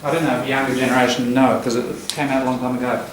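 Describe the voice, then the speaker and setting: A man teaches a relaxed English class, unpacking pronunciation patterns and repeating phrases to model them. He is picked up from a distance in a very echoey classroom, with faint hiss in the background. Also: mid-range voice, rapid-fire.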